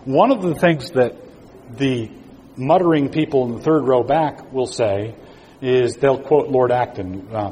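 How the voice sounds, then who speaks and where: A man's voice: medium pitch, unhurried, dark tone. A man giving an earnest sermon-style talk to educators, repeating phrases for emphasis and often restarting his sentences. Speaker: speaker at an educators' conference. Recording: long reverb in a hall with faint noise.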